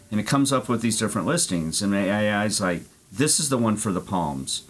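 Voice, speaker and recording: A man's voice: on the low side, animated, brisk, hardly any pauses, soft background music. A man streaming an arcade golf game, telling a rambling story and swearing freely. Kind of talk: casual chat.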